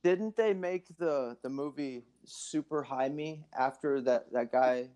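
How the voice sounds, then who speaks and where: An easygoing man chiming in on a relaxed radio chat. His voice sits at a middle pitch. He keeps his remarks short. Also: takes it slowly. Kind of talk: casual chat.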